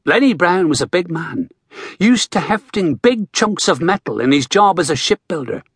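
A man narrating a novel as an audiobook, in an expressive storytelling manner. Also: sits high, moderate pace, slightly rough, dry recording, clean studio sound. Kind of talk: scripted narration.

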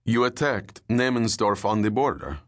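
A man voicing a cold, ruthless male German agent who speaks calmly and with quiet menace. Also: on the low side, normal speed, close to an everyday voice.

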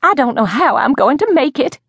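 A woman's voice: high voice, sing-song, normal speed, gravelly, a bit bright, no room sound, voice pushed up, full character voice. A woman voicing a dramatic, tipsy woman who drinks to cope, wailing and defiant.

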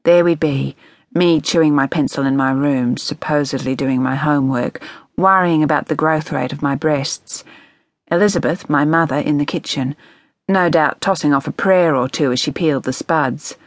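Low-voiced woman narrating. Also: normal speed, dry recording. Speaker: audiobook narrator. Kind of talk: scripted audiobook narration.

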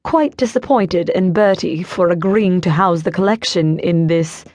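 Woman voicing a haughty male book collector, British accent, pompous, clipped careful diction, lowish voice, dry close sound. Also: unhurried, a little mellow, no echo, close to an everyday voice. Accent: British, put on. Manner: pompous, enunciating each word carefully. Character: snooty thin male rare-book collector.

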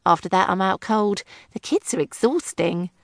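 A woman's voice: lively intonation, normal speed, vocal fry, dry recording, studio quality. A woman voicing a blunt, worn-out young mother, talking belligerently. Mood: grumbling. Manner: belligerent, teasing, high and loud.

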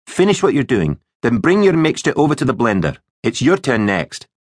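A brisk, strict schoolteacher in a children's storybook, put on by a man. She barks sharp commands in a raised voice, recorded close and dry. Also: medium pitch, very animated, slightly rough, no echo, voice pushed up. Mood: stern.

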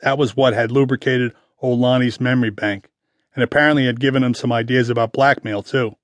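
A man with a medium-pitched voice reads a detective novel aloud in measured, even scripted narration. The recording is dry and close, with no room sound. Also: no room sound. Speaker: audiobook narrator.

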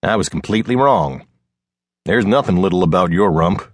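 A man voicing a lean, easygoing male outlaw with a slight Irish brogue, speaking in a teasing, relaxed way. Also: low-pitched, normal speed, dry recording.

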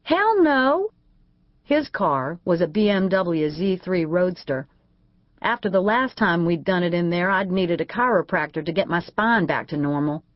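A woman narrating a first-person audiobook in a lively, wry storytelling manner. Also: lowish voice, normal speed, no room sound, muffled recording.

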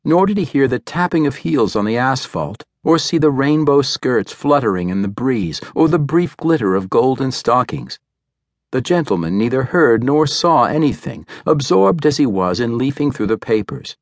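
An audiobook narrator, male and mid-pitched, reads a script in a measured, expressive storytelling manner. His delivery is animated, and the close studio recording is dry.

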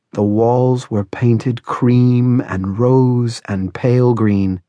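A man reading a novel aloud as audiobook narrator, in a measured, dramatic style. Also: fairly low pitch, a little mellow, dry recording, clean studio sound. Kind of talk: scripted narration.

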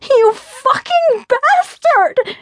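A woman narrator voicing a young woman, shrieking and shouting in anger and fright, read in an audiobook. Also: animated, very slow, no room sound, exaggerated voice. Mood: shrill fury. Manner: shrill, screaming. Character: furious young woman, frightened then raging. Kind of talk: audiobook character dialogue.

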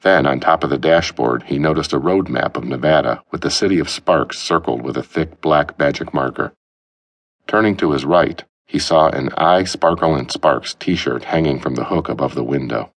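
A man narrating a humorous novel as an audiobook, with an expressive storytelling delivery. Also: very deep voice, moderate pace. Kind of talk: scripted narration.

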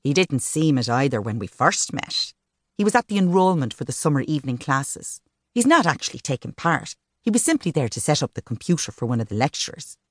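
A woman's voice: low voice, sing-song, brisk, no echo, studio quality. A woman voicing a vivacious, cheeky young female teacher who talks in a bubbly, playful way. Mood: dreamy gossip.

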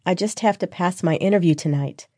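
Female narrator giving a mellow, low-ish heroine, soft and sighing, close dry read. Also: fairly quick, dry recording, natural voice. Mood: dreamy. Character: dreamy young divorcing woman, the heroine.

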